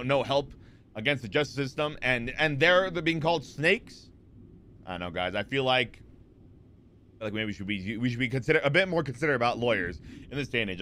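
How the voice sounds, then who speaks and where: A man's voice: medium pitch, bright, forceful tone, a little hiss or hum. A man in his twenties chatting casually on a live stream, rambling with lots of fillers and restarts as he answers chat.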